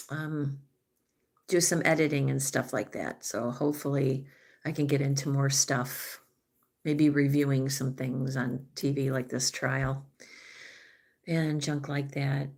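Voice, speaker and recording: Middle-aged woman vlogger, lowish voice, unhurried, hushed casual chat while crafting. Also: vocal fry. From Michigan. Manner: soft-spoken, drifting into near-whispers.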